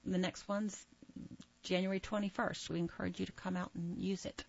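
A woman's voice: lowish voice, little pitch movement, moderate pace, vocal fry, dull audio. A woman guest on a radio interview, upbeat and encouraging as she gives practical advice. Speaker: guest from an arts access group.

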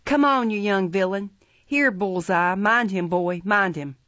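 Woman doing a gruff, bullying street thug. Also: medium pitch, unhurried, a bit bright, no echo, dull audio, natural voice. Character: brutal rough London man with a dog.

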